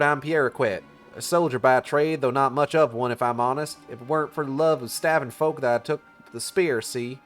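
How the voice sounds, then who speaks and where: A man's voice: fairly high pitch, voice pushed up, lightly acted. A man voicing a common-born male soldier with a folksy put-on accent and loose grammar, chatty and easygoing.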